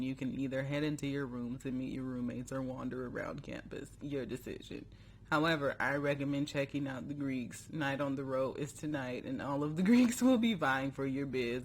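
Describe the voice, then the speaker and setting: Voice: medium pitch, a little hiss or hum. A YouTuber casually reading their own old story aloud and mocking it, laughing often and breaking off mid-line. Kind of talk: casual commentary on a story game.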